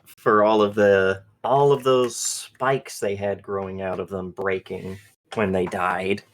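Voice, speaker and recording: A man running a tabletop game as game master, narrating in a relaxed storytelling way. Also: fairly low pitch, slow.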